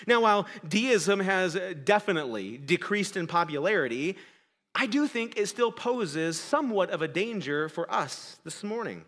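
A man preaching a sermon as a pastor in a church, conversational and self-correcting, swinging between quiet, intimate passages and loud, urgent ones. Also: sits high, lively intonation, normal speed, long reverb tail.

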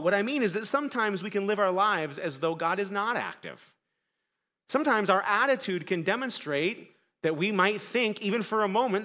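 Man, pastor, preaching a sermon, high voice, conversational, quiet-to-loud swings, long hall echo. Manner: conversational, self-correcting preaching.

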